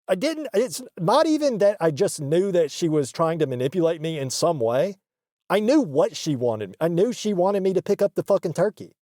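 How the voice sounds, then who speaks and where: A man's voice: fairly high pitch, big pitch swings, normal speed, dark tone, no echo, clean studio sound. A man in a comedic monologue, ranting defensively and justifying himself with insistent repetition. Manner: defensive, self-justifying, repeats for emphasis. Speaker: comedic character host.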